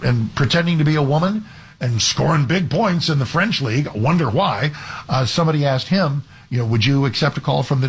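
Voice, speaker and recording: A man's voice: medium pitch, breathy edge. A man hosting a talk radio show as a fill-in, talking in a conversational, argumentative way with frequent restarts. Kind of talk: conservative talk radio commentary.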